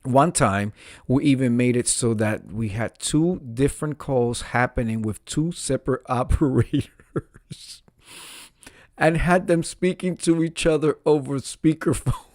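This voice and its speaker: A man's voice: mid-range voice, unhurried, darkish tone, no room sound, studio quality. A man casually reading out an online confession and commenting on it, often amused and laughing. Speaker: social media host reading confessions.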